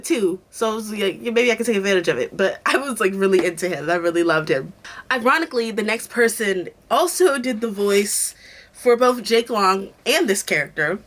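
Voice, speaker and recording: A young woman talking to camera in a loose, gushing chat, full of "like" and quick asides. Her voice sits at a middling pitch. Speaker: YouTube host. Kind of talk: casual chat.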